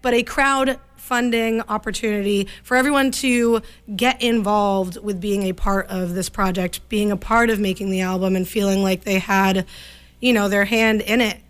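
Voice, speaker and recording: A young woman guest in a small radio studio, chatting casually and laughing often, talking in quick bursts. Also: mid-range voice, fairly even intonation, clean tone. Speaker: band leader, guest.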